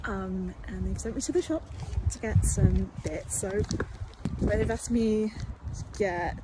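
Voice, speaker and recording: A woman's voice: mid-range voice, fairly even intonation, measured pace, very noisy. A young woman vlogging from her car, rambling in a hesitant, upset way with many likes. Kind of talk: vlog to phone camera.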